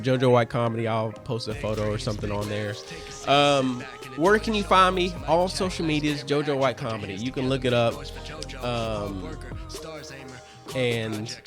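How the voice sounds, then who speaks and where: A comedian hosting his own show, chatting casually and loosely to listeners with lots of fillers and calling them family. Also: mid-range voice. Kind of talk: casual solo chat to listeners.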